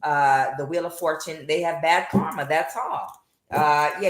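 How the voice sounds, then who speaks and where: A woman's voice: low-pitched, measured pace, reverberant. A woman giving a casual tarot reading, mocking and scolding, with many filler uhs. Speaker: tarot reader.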